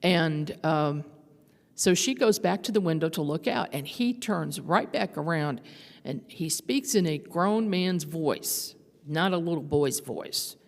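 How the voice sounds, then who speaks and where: Her voice is low-pitched and gravelly, expressive and unhurried, as an older woman tells stories in a conference talk. Her conversational delivery includes fillers and restarts. A long hall reverb comes from the large conference hall.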